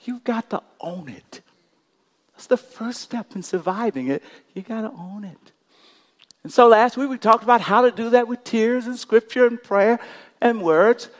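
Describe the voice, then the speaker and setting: Man preaching a sermon, high voice, gets the crowd to repeat lines, big church echo. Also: unhurried. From Texas. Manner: preaching with call-and-response to the congregation, rising and falling in volume. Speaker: pastor. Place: large church sanctuary. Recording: long hall reverb.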